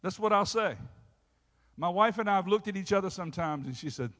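A man preaching a sermon as pastor, peppering it with call-and-response asides and rising to loud shouts. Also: high voice, lively intonation, a little fast. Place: church sanctuary. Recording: hall reverb.

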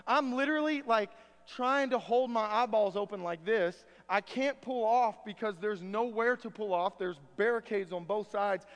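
A man preaching a sermon to his church, with a folksy, conversational style that moves between reading scripture and telling stories. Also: high-pitched. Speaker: pastor. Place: church sanctuary. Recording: long church reverb.

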